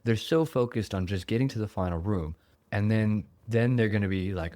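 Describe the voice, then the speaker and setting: A man's voice: on the low side, normal speed, dark tone, no room sound. A man hosting a podcast, casually telling a game story with lots of laughs, swearing and acted-out quotes. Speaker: podcast host and dungeon master.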